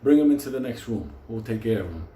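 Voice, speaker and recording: A man voicing a gruff, reckless middle-aged dentist who talks bluntly in a lowered voice. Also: animated, fast, dark tone, reverberant, slight background noise, natural voice. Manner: blunt, matter-of-fact.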